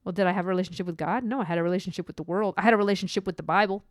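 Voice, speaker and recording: A woman's voice: on the low side, very fast, dry recording, clean studio sound. A woman hosting her own faith podcast, talking in an earnest, rambling way with lots of asides. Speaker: podcast host. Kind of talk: personal faith podcast monologue.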